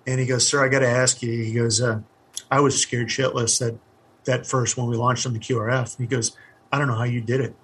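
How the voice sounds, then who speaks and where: A middle-aged man, a former army helicopter pilot, telling his story in an interview, candid and halting with many fillers. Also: mid-range voice, little pitch movement, fairly bright tone, slightly rough.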